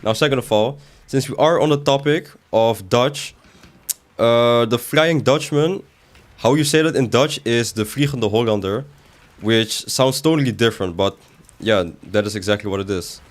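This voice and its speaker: A man's voice: mid-range voice, normal speed. Playful young man streaming a game. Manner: playful, joking, voice jumps up when protesting. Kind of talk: live gaming stream commentary, reading chat.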